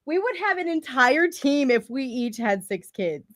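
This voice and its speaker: A woman's voice: high-pitched, sing-song, a little slow. A woman chatting casually as a podcast co-host, chiming in, echoing the story and laughing often. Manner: chimes in, echoes lines, laughs a lot. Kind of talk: casual chat.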